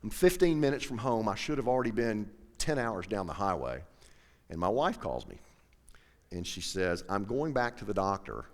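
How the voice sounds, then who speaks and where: Guy, middle-aged, lowish voice, telling a heartfelt story in a big echoey hall. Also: sing-song, normal speed. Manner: storytelling, emotional, reenacts dialogue. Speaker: professional angler. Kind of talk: emotional personal speech.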